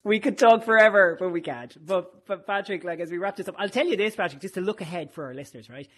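Man, husky voice, playful joking podcast host. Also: high voice, fast. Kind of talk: casual chat.

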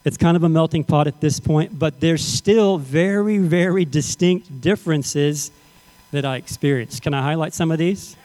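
A man's voice: fairly high pitch, moderate pace, a little mellow. A man preaching a sermon as pastor, talking conversationally and often checking that the congregation is following.

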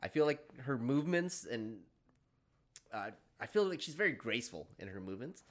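A man's voice: mid-range voice, very animated, a little fast. A man co-hosting a casual film podcast, rambling easily with many fillers. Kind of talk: casual chat.

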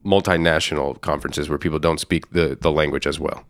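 An actor playing a slow, soothing, salesy male self-help guru doctor in an improvised comedy scene. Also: very deep voice, steady tone, no echo, clean studio sound. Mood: smooth, salesy.

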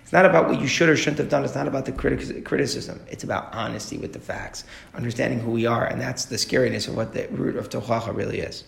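A man teaching a Talmud class at a brisk, rapid clip, his voice full of gravelly fry. He works through the text line by line and keeps posing rhetorical questions. The recording carries a noticeable room echo. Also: mid-range voice, fairly even intonation. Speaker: Torah teacher. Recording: echoey room.

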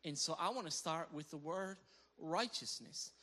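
Bright, high-voiced preaching pastor. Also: male voice, normal speed. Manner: builds from calm teaching to loud, emphatic preaching with scripture readings; playful asides to the congregation. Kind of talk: sermon.

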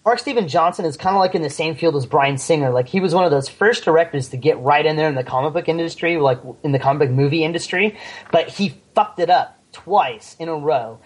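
Husky man ranting profanely on a podcast. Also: a little high. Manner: animated ranting, profane, quick repeats. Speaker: podcast co-host. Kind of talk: casual chat.

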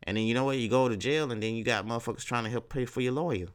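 A man's voice: mid-range voice, very fast, clear, resonant tone. A man hosting a casual solo podcast, talking in a profane, rambling, laid-back way full of street slang. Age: 30s. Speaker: podcast host.

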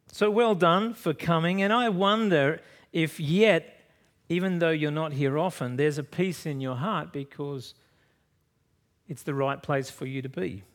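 Aussie pastor preaching, storytelling, goes loud then drops quiet, voice a bit high. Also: male voice. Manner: lively storytelling, swings from loud to soft. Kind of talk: sermon.

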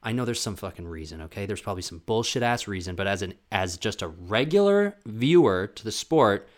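A man's voice: fairly low pitch, big pitch swings, a little fast. A young man from Canada hosting a solo podcast, ranting casually and profanely with lots of filler words. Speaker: podcast host.

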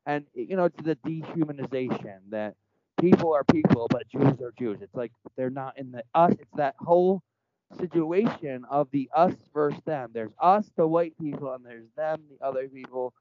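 A man's voice: mid-range voice, normal speed. Earnest rambling man, dull lo-fi sound. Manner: earnest, rambling, spiritual framing. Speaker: returning podcast guest. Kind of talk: casual conversational storytelling.

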